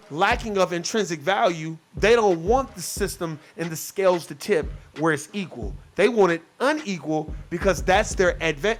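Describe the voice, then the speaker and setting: High-pitched man ranting, profane and heated. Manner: profane, heated, mocks others in quoted voices. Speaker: podcast host. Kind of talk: casual ranting commentary.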